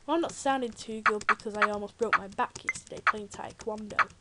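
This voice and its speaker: A teen girl from Britain gives a Let's Play, talking a little fast in a mid-range voice with a steady tone. Her video game commentary is chatty, jokey and full of rambling asides, and loud keyboard clicks and typing are heard throughout.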